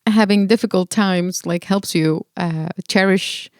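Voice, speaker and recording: A woman's voice: on the low side, dry recording, clean studio sound. A young adult woman co-hosting a podcast in casual chat, joking and stumbling over her words. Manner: joking, stammering restarts, quick asides. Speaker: podcast co-host.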